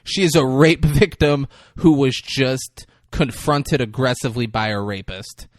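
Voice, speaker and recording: A man's voice: medium pitch, unhurried, no echo, studio quality. A man co-hosting a podcast, casually retelling a film scene by scene and acting out the lines. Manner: animated retelling, acting out lines, laughs often. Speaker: podcast co-host recapping a movie. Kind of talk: casual chat.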